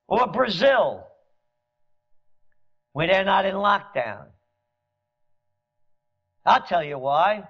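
A fiery man rants with biting sarcasm, his voice sitting high and drawn out at an unhurried pace. A gravelly edge runs through his words. The recording is dull and lo-fi. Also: a bit bright. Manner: fiery, sarcastic, mocks officials in mimicking voices. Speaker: commentator. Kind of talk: impassioned political rant.

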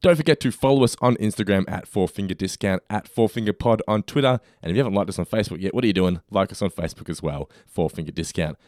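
A man's voice: low voice, fast talker, hardly any pauses, darkish tone, no echo, studio quality. Upbeat podcast host man. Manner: upbeat, reads out listener suggestions. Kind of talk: casual podcast chat.

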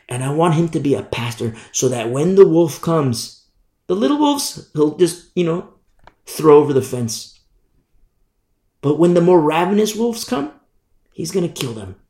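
A man's voice: on the high side, big pitch swings, normal speed, pauses often, dark tone. A man voicing the Lord as a deity who plans to appoint a shepherd, in a plain, matter-of-fact way. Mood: resolute. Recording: echoey room.

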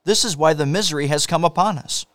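A man's voice: a little high, fast talker, a bit bright, no room sound, natural voice. Guilty brothers explaining themselves, earnest, read plain by a man, dry close sound. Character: guilt-stricken brothers, adult men.

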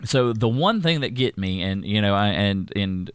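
A man's voice: fairly low pitch, animated, moderate pace, clear, resonant tone, no room sound, clean studio sound. A man, co-hosting a casual podcast and telling a long story, rambling and restarting often. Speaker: podcast co-host. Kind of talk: casual chat.

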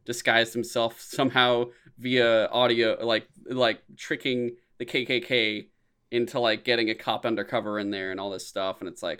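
A man's voice: normal speed, clean tone. A young man rambles through a casual podcast chat, cursing freely, and his voice leaps up when he acts out his own reactions. His voice sits in an ordinary middle range. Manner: rambling, animated, swears often, voice jumps high when quoting reactions. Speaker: podcast co-host.

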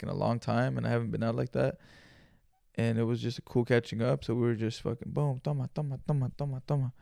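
A young man talks on his own podcast in a relaxed, rambling way, heavy on slang and swearing. His voice has a gravelly edge, and it sits close and dry on the mic. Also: medium pitch, dry recording. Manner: loose and profane, laid-back slang. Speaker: podcast host. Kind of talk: solo casual storytelling.

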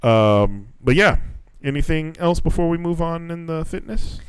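A man co-hosting a casual podcast chat, an animated storyteller who jumps way up in pitch when acting out quotes. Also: moderate pace, smooth, dry recording. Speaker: podcast co-host; English teacher at junior high schools.

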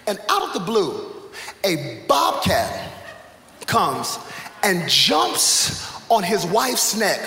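A male pastor in his thirties preaching a sermon, telling a funny story with animated energy that builds to excited shouts. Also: sits high, a little hiss or hum. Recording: echoey hall, live room ambience.

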